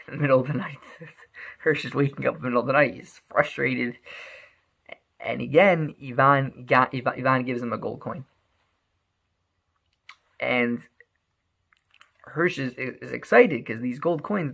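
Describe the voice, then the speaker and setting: Male storyteller, animated, stammery restarts, gravelly tone. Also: medium pitch. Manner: animated, repeats words often.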